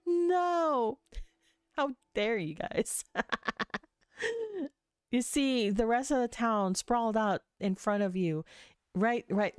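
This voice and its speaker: A woman narrating a livestreamed tabletop game as game master, meandering and halting with many fillers. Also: medium pitch, a little mellow, smooth, dry recording, studio quality.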